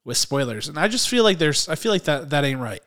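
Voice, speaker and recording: A man's voice: on the high side, big pitch swings, brisk, fairly bright tone. A man hosting a movie podcast in casual chat, rambling with lots of fillers. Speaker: podcast host.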